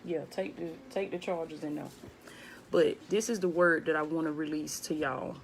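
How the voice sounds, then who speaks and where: A woman hosting a live stream from home, talking in a laid-back, hushed way and greeting viewers by name. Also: sits low, steady tone, moderate pace. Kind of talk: casual spiritual live-stream talk. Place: at home, indoors.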